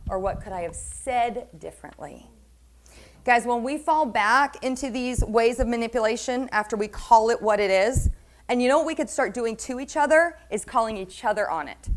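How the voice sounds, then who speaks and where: A woman's voice: a little high, a little hiss or hum. A middle-aged woman pastor preaching a sermon in a church, candid and confessional, often asking the congregation questions. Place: church sanctuary.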